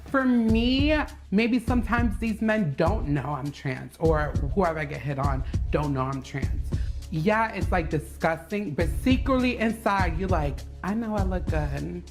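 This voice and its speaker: A woman with a very low voice speaks candidly in a documentary-style interview. She sounds reflective and personal. Music plays clearly behind her. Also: expressive, a little slow. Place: New York City. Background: background music.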